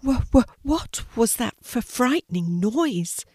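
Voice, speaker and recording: A woman's voice: mid-range voice, lively intonation, slow pace, darkish tone, dry recording, studio quality. Woman voicing a stammering frightened sea turtle. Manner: stammering, trembling.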